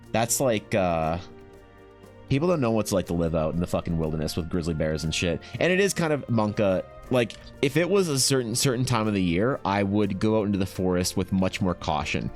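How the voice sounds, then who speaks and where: A young Canadian man with a deep, low voice rambles through a story for his live stream chat. He swears freely, restarts his sentences and leans on fillers, and faint music plays behind him. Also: lively intonation, moderate pace.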